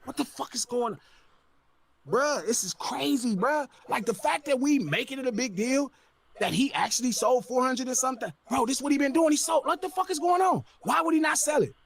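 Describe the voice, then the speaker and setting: A man on a podcast ranting loudly and incredulously, with heavy swearing. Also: extremely high pitch, brisk, creaky. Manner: loud, profane, incredulous ranting. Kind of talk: heated podcast rant.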